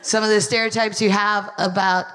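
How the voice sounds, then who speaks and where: A woman's voice: mid-range voice, little pitch movement, normal speed, a bit bright, some chatter behind. Wry American woman doing stand-up. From United States. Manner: wry, storytelling, acted-out quotes. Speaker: comedian, co-host. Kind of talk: stand-up comedy set. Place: live venue with audience.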